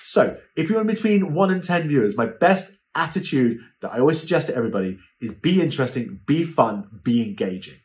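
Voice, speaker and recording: A man's voice: mid-range voice, very animated, a little fast, hardly any pauses, a little mellow. A man giving a chatty, informal lesson on livestream selling, often checking in with "okay?". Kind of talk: informal instructional talk.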